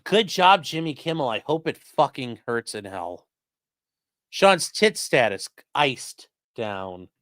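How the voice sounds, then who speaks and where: A man's voice: mid-range voice, sing-song, takes it slowly, fairly bright tone, no echo. A man commentating on news in a casual live stream, crude and mocking, reading chat messages aloud.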